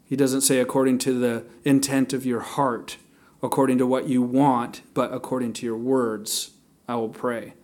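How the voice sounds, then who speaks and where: A man leading a casual sermon-style Bible study, thinking aloud with fillers and restarts and reading scripture aloud slowly. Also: medium pitch, level tone, a little mellow. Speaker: Bible teacher.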